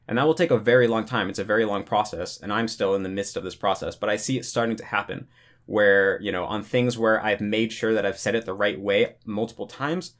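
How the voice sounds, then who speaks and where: A young man giving casual talking-head advice on language learning, relaxed and rambling, full of "you know" and "like". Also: lowish voice.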